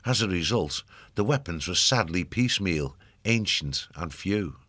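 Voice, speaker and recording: A man narrating an audiobook in a steady, measured storytelling manner, recorded on a close studio mic. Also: sits low, no room sound.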